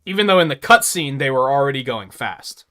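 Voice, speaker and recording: A man's voice: medium pitch, lively intonation, a little fast, bright, forceful tone. A young man giving casual gaming commentary on a stream, opinionated and swearing freely as he rants. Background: game music.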